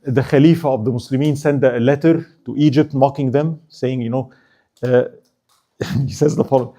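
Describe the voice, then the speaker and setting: Animated man telling history, mellow voice. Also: medium pitch, normal speed. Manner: animated, rhetorical questions, acts out characters. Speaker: history lecturer at a mosque. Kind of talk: storytelling history lecture.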